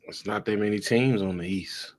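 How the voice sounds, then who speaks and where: A man co-hosting a sports talk show who keeps pressing his point. He says the same thing again and again until the others get it, in an even, mid-pitched voice. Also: moderate pace. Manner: insistent, repeats himself to make a point. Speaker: sports radio co-host. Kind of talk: casual sports banter.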